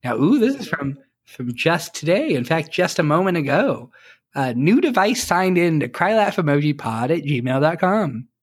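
A man's voice: fairly high pitch, big pitch swings, normal speed, breathy edge. A young man co-hosting a casual podcast, joking dryly with lots of fillers. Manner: dry, joking delivery with many fillers. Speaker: podcast co-host. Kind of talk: casual chat.

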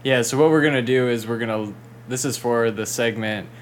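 A man's voice: medium pitch, fairly quick, a little hiss or hum. A man co-hosting a podcast in loose, rambling casual chat. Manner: loose and rambling, full of fillers. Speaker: podcast co-host.

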